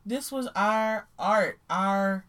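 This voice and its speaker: A woman co-hosting a podcast in casual chat, expressive and playful, quick to joke. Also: medium pitch, clean tone. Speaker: podcast co-host.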